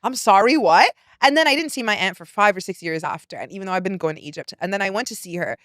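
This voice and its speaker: Animated swearing woman telling stories. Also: medium pitch, quick pace, no room sound, clean studio sound. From Pakistani-American. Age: 30s. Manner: animated, swears, acts out quoted relatives. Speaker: guest. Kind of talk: candid storytelling chat.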